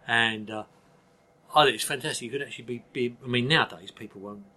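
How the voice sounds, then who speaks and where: A man's voice: mid-range voice, fast talker, bright, forceful tone. An older man with a Cockney accent, talking bluntly and emphatically as an interview guest, often restarting his sentences. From East London, England. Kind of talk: candid interview talk.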